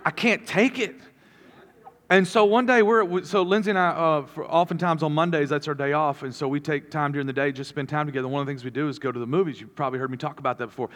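A man's voice: a little high, fairly even intonation, rapid-fire, few pauses, fairly bright tone. A man preaching a sermon as a pastor, talking earnestly and rambling through restarts. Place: church auditorium. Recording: long hall reverb.

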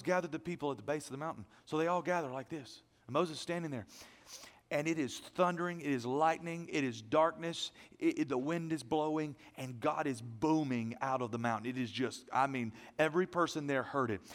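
A man preaches with real animation, his fairly high voice rising into loud emphasis and then sinking to hushed, intimate asides. He sounds like a pastor addressing a congregation. His voice trails off into the long reverb of a large hall. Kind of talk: sermon.

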